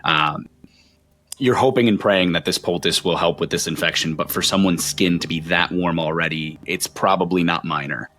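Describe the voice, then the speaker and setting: A man's voice: sits low, moderate pace, fairly bright tone. A man narrating a tabletop game as game master, with vivid descriptive storytelling.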